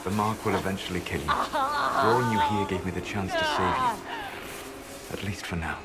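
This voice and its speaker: An actor playing a calm, sorrowful ancient elf mage in a video game, speaking softly and deeply. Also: male voice, moderate pace, exaggerated voice. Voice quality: deep, soft-spoken. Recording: game audio with music.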